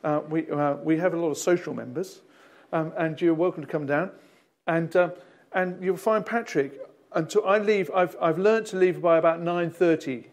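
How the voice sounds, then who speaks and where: This male pastor has an Australian accent and a fairly high voice at an ordinary pace. He tells a rambling anecdote in his sermon, often restarting and chuckling along the way.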